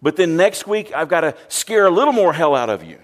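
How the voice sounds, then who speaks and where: A man's voice: fairly high pitch, sing-song, brisk. A male pastor preaching a sermon in a plain-spoken way, often repeating words and acting out quoted voices.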